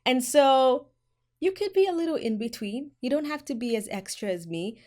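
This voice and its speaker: A woman's voice: high-pitched, animated, normal speed, darkish tone. A woman vlogging hair care tips straight to camera, frank and emphatic as she gives advice to viewers. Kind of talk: direct-to-camera advice vlog.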